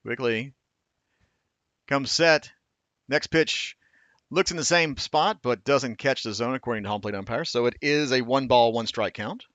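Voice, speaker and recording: A man calling baseball play by play in a steady, measured way, now and then correcting himself. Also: medium pitch, no room sound, lo-fi sound. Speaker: play-by-play announcer.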